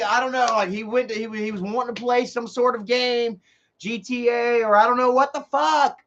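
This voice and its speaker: A man tells rambling, profane stories on his livestream. His voice sits high, and it comes through dull lo-fi stream audio. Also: normal speed, a little hiss or hum. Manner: rambling, profane, animated storytelling. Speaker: livestream host. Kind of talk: casual storytelling on a livestream.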